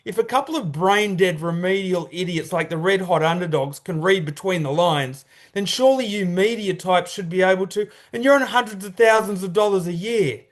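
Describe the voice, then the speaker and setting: A man's voice: sits high, normal speed, few pauses. An Australian man co-hosting a sports podcast, ranting bluntly and swearing in casual banter. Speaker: podcast co-host.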